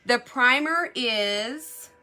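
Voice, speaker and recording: A woman's voice: on the high side, very slow, sharp tone. A woman selling beauty products in a live makeup demo, chatty and gushing, answering viewer comments as she goes.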